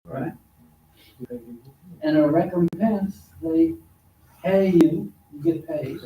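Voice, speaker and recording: A man teaching an informal religious study class at a mosque, talking slowly and conversationally and repeating words for emphasis. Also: sits high, fairly even intonation, muffled recording. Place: mosque hall. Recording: echoey hall, distant mic, faint noise.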